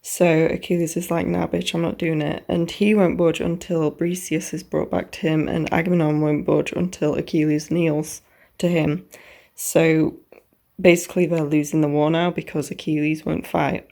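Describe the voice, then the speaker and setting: A woman's voice: deep voice, flat delivery, moderate pace, creaky, a little mellow. A young woman casually recapping a novel for her reading vlog, chatty and swearing freely, often dropping into a whisper. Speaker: book vlogger.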